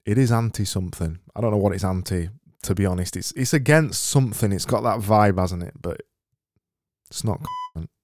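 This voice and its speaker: A man's voice: lowish voice, brisk, darkish tone, no echo. A man with a Yorkshire accent hosting a casual solo podcast, reading out listener messages in a dry, sarcastic, rambling way on a studio mic. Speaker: podcast host. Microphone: studio mic with mixer.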